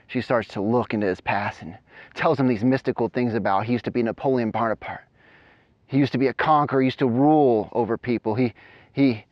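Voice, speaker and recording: A motivational coach with a medium-pitched voice tells a story animatedly while running up a mountain trail outdoors, in an energetic vlog. The recording is dry, with the high frequencies cut off.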